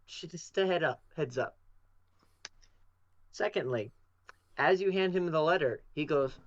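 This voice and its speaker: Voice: medium pitch, unhurried, pauses often, dry recording. A game master narrating a tabletop game in a playful way. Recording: dull, dry home mic.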